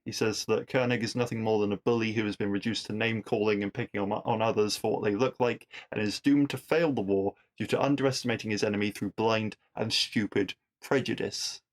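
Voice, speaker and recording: A man's voice: on the low side, fairly even intonation, fairly quick, hardly any pauses. Chatty man recapping a TV episode. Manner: chatty, digressive, with wry asides and rhetorical questions. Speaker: podcast host recapping an episode.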